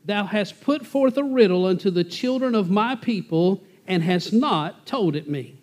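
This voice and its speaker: A man's voice: high voice, animated, unhurried, darkish tone, pitched above the performer's own voice. A man voicing a weeping young bride who pleads with her husband in a plaintive, reproachful tone. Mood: tearful reproach.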